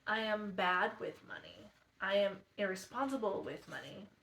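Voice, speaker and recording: Soft-spoken young woman, thinking aloud. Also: medium pitch, expressive, moderate pace, gravelly, slight background noise. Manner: addresses viewers directly and earnestly. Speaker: self-help vlogger. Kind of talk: reflective personal vlog.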